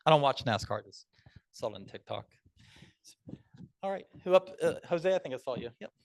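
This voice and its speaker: A man's voice: medium pitch, lively intonation, normal speed, creaky, darkish tone, dry recording. A man leading table topics at a club meeting, chatty and upbeat with storytelling asides.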